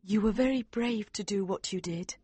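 A gentle young princess, earnest and tender, in a high, breathy voice, as a male narrator puts her on. The voice sits close and dry, with little room around it. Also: normal speed, no room sound.

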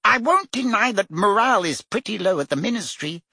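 Male reader doing a high, jittery, defensive wizard minister, husky edge. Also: lively intonation, pushed and bright, no room sound, studio quality, exaggerated voice. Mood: weary. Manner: rapid, heated, rising pitch when pressed.

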